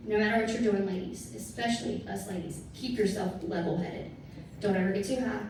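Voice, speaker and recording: A woman's voice: mid-range voice, fairly even intonation, normal speed. A woman giving an emphatic motivational talk to her sales team, repeating her points for effect. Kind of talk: motivational talk to a live audience. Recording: echoey room from far off, faint noise.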